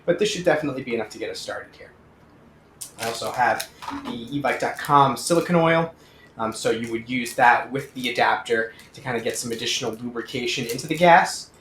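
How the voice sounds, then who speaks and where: Brief: young male host, mid-pitched, excitable and chatty, faint room hum behind. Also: a little fast, reverberant. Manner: chatty, eager, lots of fillers and asides. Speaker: airsoft channel host. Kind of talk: casual product unboxing.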